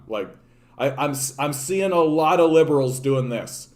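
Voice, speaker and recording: A man's voice: on the high side, moderate pace. A man from Canada hosting a political livestream, ranting casually with profanity and many restarts. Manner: profane, animated, repeats and restarts words.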